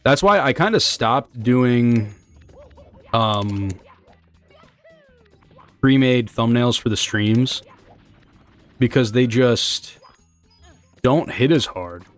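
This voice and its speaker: A man's voice: mid-range voice, expressive, very slow, long pauses, soft background music. A young man chatting loosely with his live chat while speedrunning, rambling and joking and swearing casually as he reads messages. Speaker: streamer.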